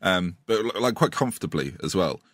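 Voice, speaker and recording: A man co-hosting a football chat show, talking quickly in a slightly low voice. His tone is wry and opinionated, and he throws in joking asides to his listeners. The sound is close and dry. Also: expressive, fairly bright tone, no echo. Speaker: podcast co-host.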